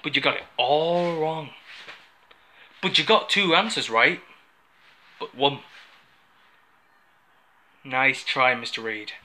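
A man playing a stern police officer who questions a suspect slowly and insistently, repeating his questions. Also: mid-range voice, sharp tone.

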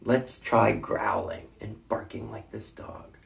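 A man, a literacy educator, reads a picture book aloud to children in an expressive, interactive way, inviting them to join in. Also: on the low side, vocal fry, reverberant. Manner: slow, expressive, prompts listeners to join in with animal sounds.

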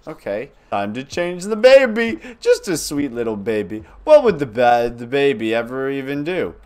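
A young man with a lively, bouncing voice gives casual, jokey commentary on a horror game. He talks to the on-screen baby and bursts into loud yells now and then. A faint hiss sits under the recording. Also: mid-range voice, moderate pace. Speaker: gaming channel host.

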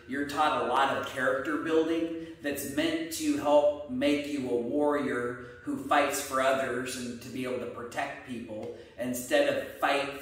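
A man, a martial arts instructor, explaining ideas in a steady, earnest way. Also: medium pitch. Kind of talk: casual explanatory chat. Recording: echoey room, mic at a distance.

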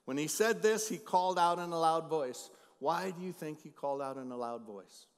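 A middle-aged male pastor preaching a sermon, shifting between loud emphatic lines and quiet storytelling. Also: a little high, normal speed, smooth. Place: church sanctuary. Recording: long hall reverb.

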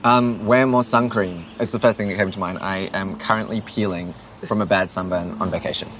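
A young man in his twenties from Australia, answering interview questions in a relaxed, playful, self-deprecating way outdoors at a home. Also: on the low side, brisk, slight background noise.

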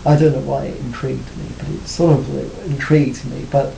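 A man being interviewed about his music career, talking reflectively with many pauses and restarts. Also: steady tone, vocal fry, warm tone. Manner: hesitant, many restarts and "you know". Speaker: interviewee, former band cellist. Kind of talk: reflective casual interview talk. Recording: roomy, faint rumble.

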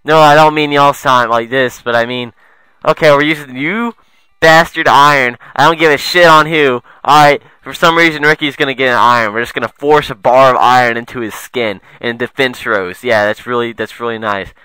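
A young man doing let's play commentary, excitable and foul-mouthed, muttering asides and then yelping at the game. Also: mid-range voice, moderate pace, smooth, dry recording, low-quality recording. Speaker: gamer.

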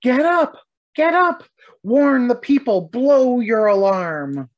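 An anxious young page boy in a storybook, as a woman reads him aloud. He pleads and warns in a lively, rising voice with a slow, careful pace. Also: medium pitch, vocal fry, slightly rough, highs cut off, full character voice. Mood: urgent. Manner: urgent, breathless warnings.

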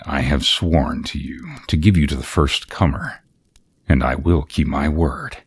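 A man's voice: a bass voice, measured pace, husky, exaggerated voice. A man voicing a stern old king who gives commands in a storybook reading.

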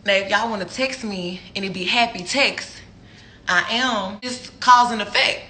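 A woman, ranting on a live stream, profane and heated, slow and emphatic, breaking into laughter. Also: medium pitch, bright, forceful tone.

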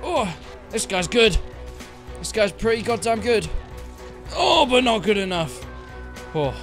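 Male gamer, young, animated and jokey, pitch darting up, light music under. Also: a little slow. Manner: excitable, jokey, yelps and laughs at the action. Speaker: gaming YouTuber. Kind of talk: live gameplay commentary.

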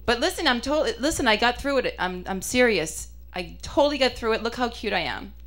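A woman's voice: fairly high pitch, lively intonation, fairly bright tone. Self-mocking woman doing stand-up. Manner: chatty, self-mocking, punchy delivery with quick asides. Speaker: stand-up comedian. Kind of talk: stand-up comedy set.

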